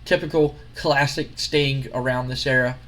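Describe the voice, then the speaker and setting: A man's voice: mid-range voice, fairly even intonation, normal speed, fairly bright tone. A man hosting a gaming video, narrating a recap casually with some restarts.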